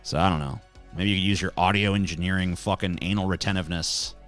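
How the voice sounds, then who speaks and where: A man's voice: low-pitched, fairly even intonation, fast, a bit bright, faint music behind. A man hosting a livestream, ranting brashly and mockingly at chat with lots of swearing, into a handheld mic held close. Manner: brash, foul-mouthed, mocking. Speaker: livestream host. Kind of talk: casual profane ranting to chat. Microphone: handheld microphone, close.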